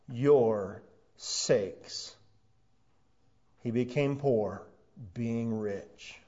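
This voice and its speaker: A man preaching a sermon as pastor, building to loud emphatic peaks and then dropping low and quiet for weight. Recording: dull lo-fi sound.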